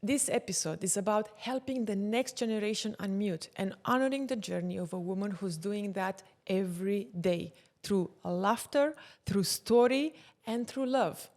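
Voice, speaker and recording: A woman in her thirties hosting a podcast interview, giving warm heartfelt introductions and growing excitable when she retells stories. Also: mid-range voice, moderate pace, few pauses. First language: not English. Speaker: podcast host.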